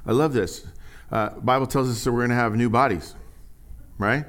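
A male pastor delivers a sermon in a relaxed, conversational way. He turns animated and lifts his voice when he reads scripture aloud. His voice sits at an ordinary middle pitch. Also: fairly quick.

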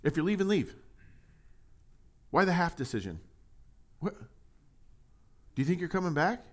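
A man's voice: on the high side, big pitch swings, unhurried. A pastor giving a casual, conversational sermon, reading scripture aloud and asking his listeners rhetorical questions.

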